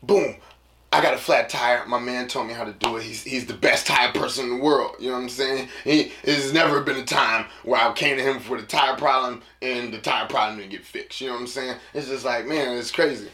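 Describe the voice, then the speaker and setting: A man's voice: medium pitch, fairly even intonation, a little fast, sharp tone, echoey room. A man hosting a casual solo podcast, rambling through a story in loose slang and acting out voices. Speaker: podcast host.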